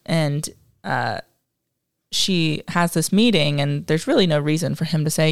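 A woman's voice: sits low, measured pace, gravelly, no room sound, clean studio sound. A woman co-hosting a casual history podcast, explaining from her notes with filler words and self-deprecating asides. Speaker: podcast co-host.

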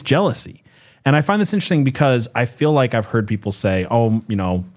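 A man's voice: fairly low pitch, a little mellow. A man co-hosting a live show, chatting in an opinionated, talkative way with frequent restarts. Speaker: co-host. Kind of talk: casual chat.

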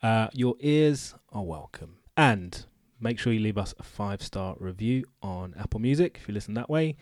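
A man hosting a chatty podcast, joking with his co-hosts and giving listener shout-outs. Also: fairly low pitch, animated, normal speed, no room sound, clean studio sound. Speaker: podcast host. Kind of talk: casual chat.

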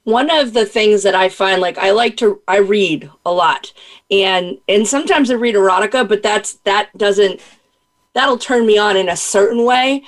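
A woman hosting a podcast, chatting casually and playfully, quick to laugh. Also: mid-range voice. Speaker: podcast host.

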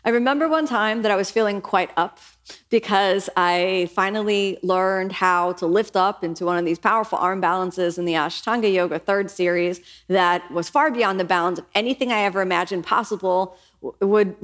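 A middle-aged woman yoga teacher who speaks earnestly and reflectively, lifting into lively voices when she quotes herself. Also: medium pitch, normal speed. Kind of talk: reflective podcast monologue.

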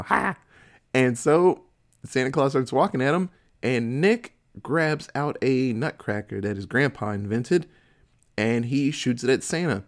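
Animated man retelling a movie, swearing freely. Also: medium pitch. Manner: profane, laughing, animated storytelling. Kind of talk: casual chat, retelling a movie plot.

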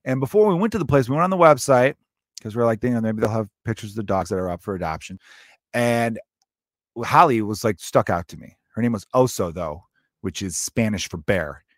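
A man's voice: on the low side, a little fast, dry recording, clean studio sound. A man in his thirties hosting a comedy podcast, telling a loose, profane, jokey story.

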